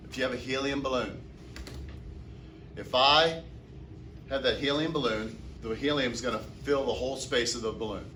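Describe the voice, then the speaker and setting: Male teacher mid-lecture; bright, forceful tone; asks and answers his own questions; mic far off in an echoey room. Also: mid-range voice, fairly quick, slight background noise. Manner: asks the class questions and answers them himself. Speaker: chemistry teacher. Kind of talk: classroom lecture. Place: classroom.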